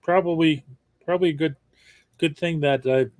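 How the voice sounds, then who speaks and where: A man co-hosting a casual live stream, talking in a halting way with repeated words and small chuckles. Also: on the high side, fairly even intonation, darkish tone, no room sound, clean studio sound. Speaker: stream co-host, writer.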